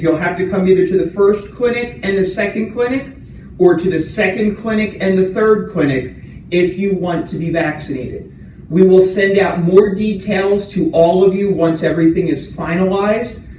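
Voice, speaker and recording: A man's voice: high-pitched, a little mellow. A man giving a town hall update as a community administrator, speaking plainly and repeating key points to reassure his audience. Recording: roomy, distant, faint room hum.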